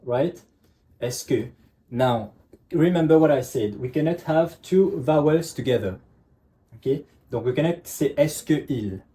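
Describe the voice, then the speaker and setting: Male teacher, relaxed dark tone, patient classroom explaining. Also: a little high. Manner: repeats "ok" constantly, checks understanding, slow emphatic examples. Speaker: French teacher.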